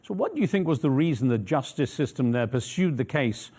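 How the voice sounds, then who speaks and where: A man working as a news interviewer who asks probing, measured questions. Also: medium pitch, expressive, warm tone, breathy edge.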